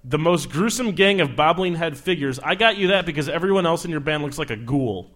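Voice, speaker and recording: Loud, teasing young man hosting. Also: fairly high pitch, animated, a little fast. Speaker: host. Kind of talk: casual comedic interview.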